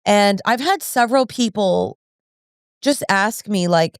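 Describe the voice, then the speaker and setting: A woman's voice: medium pitch, slow, clear, resonant tone, no room sound, studio quality. Chatty earnest woman in her thirties. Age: 30s. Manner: chatty, earnest, lots of fillers. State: pregnant. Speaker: podcast host. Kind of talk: casual chat.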